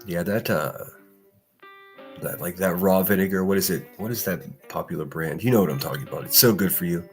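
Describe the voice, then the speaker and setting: A man with a deep voice talks briskly over faint background music. He's hosting a casual morning livestream from the Pittsburgh area, ranting bluntly, swearing a lot, laughing now and then, and reading the chat aloud.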